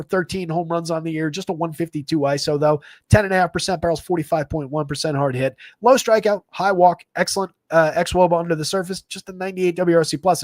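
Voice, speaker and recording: A man hosting a live fantasy baseball stream, rattling through player numbers in a quick, stat-heavy patter broken by uhs and you-knows. His voice sits slightly high for a man. The sound is close and dry, with no room around it. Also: no echo. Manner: rapid stat-heavy delivery with frequent fillers. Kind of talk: live stream sports stats rundown.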